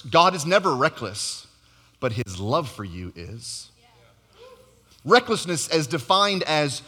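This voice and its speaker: A man preaching a sermon in a large church, energetic and joking, calling out to the congregation. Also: fairly high pitch. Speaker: pastor. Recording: long reverb of a church hall.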